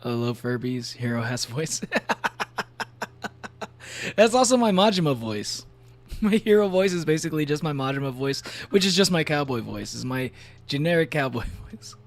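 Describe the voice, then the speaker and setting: A man's voice: a little high, sing-song, normal speed, long pauses. A man chatting casually on a game stream, rambling with many fillers and frequent laughs. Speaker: VTuber streamer.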